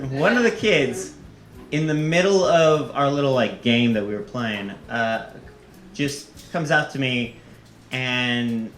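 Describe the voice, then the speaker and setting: A man tells a funny story about himself to a live audience, poking fun at his own behavior and laughing as he goes. His voice sits at a middle pitch. The sound is roomy, with a faint trace of music underneath. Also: takes it slowly, fairly bright tone. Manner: self-mocking, often breaks into laughter.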